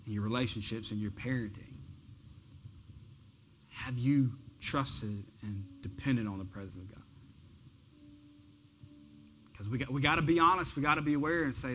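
A man preaching a sermon as pastor, earnest, often repeating words as he builds intensity and then drops low. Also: a little fast, fairly bright tone, a little hiss or hum, low-quality recording. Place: church sanctuary.

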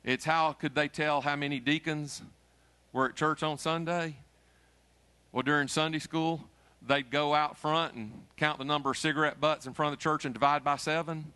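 Folksy preacher man, bright voice. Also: a little high, steady tone, moderate pace, smooth. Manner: folksy, emphatic preaching with jokes and rising peaks. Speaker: pastor. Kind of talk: sermon.

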